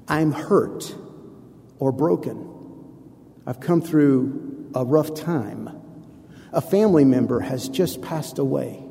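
A man's voice: fairly high pitch, warm tone, a little hiss or hum. A man preaching a sermon to a congregation, conversational with playful asides to the listeners. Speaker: pastor. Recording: long hall reverb.

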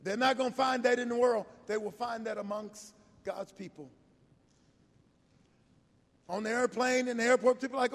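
A man in his sixties preaching a sermon, telling a personal story in a folksy, animated way. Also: extremely high pitch, normal speed, pauses often. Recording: echoey hall reverb.

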